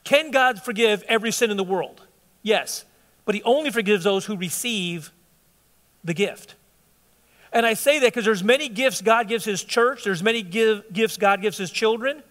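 Man, visiting pastor, high voice, informal sermon, self-correcting, long church reverb. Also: normal speed, fairly bright tone. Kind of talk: conversational sermon.

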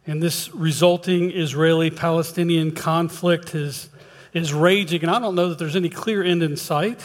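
A lay preacher in a church sanctuary tells a folksy joke, then leads a prayer with hesitant restarts. His voice is a little high and steady at normal speed, and the recording carries long hall reverb.

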